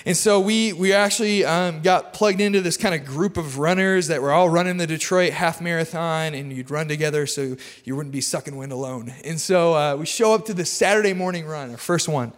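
Male pastor, high voice, easygoing jokey sermon delivery in a reverberant church hall. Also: fairly quick, hardly any pauses. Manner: energetic, chatty, self-deprecating humor. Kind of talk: casual sermon. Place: church auditorium.

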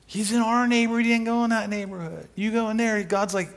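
A man preaching a sermon, telling a Bible story with animated delivery and acting out the voices of its figures. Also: extremely high pitch, fast talker, creaky.

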